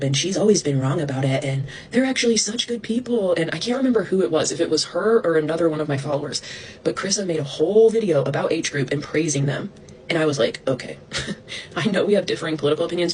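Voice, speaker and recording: A young woman ranting to her followers about online drama, indignant, fast-talking and swearing, mocking others in a higher voice. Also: slight background noise, poor audio.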